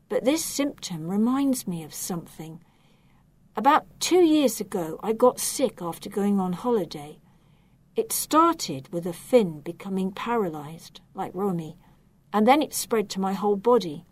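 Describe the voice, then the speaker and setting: A sad young merman boy talks quietly and earnestly in a storybook reading, as a woman puts him on. His voice sits at an ordinary middle pitch, dropping into a hush when he speaks of painful things. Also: close to an everyday voice.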